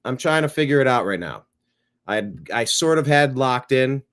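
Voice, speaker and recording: A laid-back man hosting his own stream, rambling easily as he thinks aloud. His voice sits at an ordinary middle pitch. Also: animated, normal speed, a bit bright. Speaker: show host. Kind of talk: casual live-stream chat.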